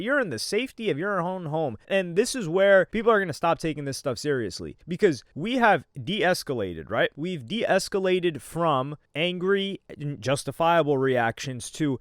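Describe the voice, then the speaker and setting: A man's voice: a little high, very animated, normal speed, hardly any pauses, a bit bright, no echo, studio quality. A young man giving an opinionated, exasperated commentary rant as a streamer, now and then mocking other people's lines in put-on voices.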